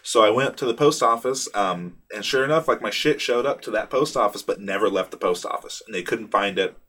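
A man's voice: on the low side, fairly quick, fairly bright tone, slightly rough. A young man hosting a casual solo podcast, rambling with lots of fillers, restarts and swearing, laughing at himself. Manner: rambling, profane, self-deprecating, many fillers and restarts. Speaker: podcast host. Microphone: studio microphone in a small booth.

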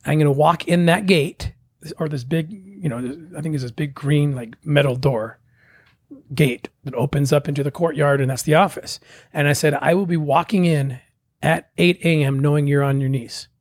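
A middle-aged man telling a personal story in a casual, animated way, acting out the voices of the people in it. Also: a little high, moderate pace, no echo. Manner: animated, acts out quoted voices. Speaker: guest telling his story.

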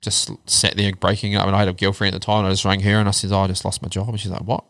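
Thirties New man, low-pitched and candid, swears casually, dry close mic. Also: completely flat delivery, very fast, fairly bright tone, no room sound. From New Zealand. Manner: candid storytelling, swears freely, drops to a low murmur on hard parts. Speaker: guest. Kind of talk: casual chat.

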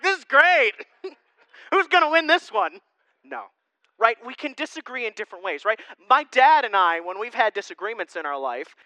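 This is an animated male pastor preaching in a loose, conversational style and tossing in "right?" asides. His voice sits high for a man and rings bright and smooth. The sound is dry and close. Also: no echo, rough recording. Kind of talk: sermon. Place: church sanctuary.

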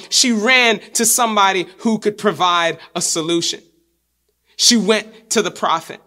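Bright, high-voiced male preacher. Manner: emphatic preaching, repeats key lines, drops low for weight. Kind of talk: sermon.

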